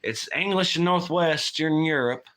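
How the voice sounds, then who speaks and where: A man's voice: fairly high pitch, measured pace, a bit bright. A man hosting a casual livestream, rambling and swearing while he reads chat aloud. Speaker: livestream host.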